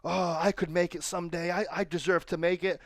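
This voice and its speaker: A man putting on the voice of a whiny, self-pitying young male wrestler who complains in a high, drawn-out whine. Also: flat delivery, no echo, clean studio sound.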